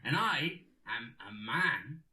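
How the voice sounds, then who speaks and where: A man's voice: mid-range voice, sing-song, takes it slowly, full character voice. A comedian voicing an abusive, sweary male conspiracy theorist leaving furious voice messages, in an echoey room. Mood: ranting. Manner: abusive, sweary, shouting tirade.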